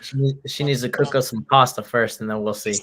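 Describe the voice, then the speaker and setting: A man swapping stories and jokes in a relaxed podcast chat, getting animated as he tells them. His voice sits in an ordinary middle register. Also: medium pitch, fairly quick. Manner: animated storyteller, jokey, swears. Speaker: podcast co-host. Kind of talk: casual chat.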